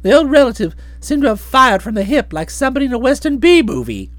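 A woman narrating a comic story for an audiobook in a playful, expressive manner. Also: high-pitched, fast talker, no room sound.

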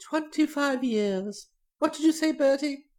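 A reader doing a quiet, wistful old aunt. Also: sits high, measured pace, pitched above the performer's own voice. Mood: distracted. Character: elderly aunt, former stage performer, grand.

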